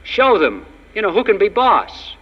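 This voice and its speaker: A man's voice: high-pitched, wildly swooping pitch, a little slow, husky. A man giving an emphatic, ironic political speech to an audience, with jokes. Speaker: public speaker. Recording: dull lo-fi archive recording of a speech in a long-reverb hall.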